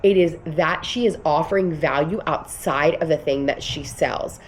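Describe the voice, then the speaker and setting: Woman in her thirties, casual vlog coach, earnest and rambling, slightly low pitch, faint room hiss behind. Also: normal speed. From United States. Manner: earnest, emphatic, rambling with restarts. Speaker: vlogger and business coach. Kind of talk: casual motivational vlog talk.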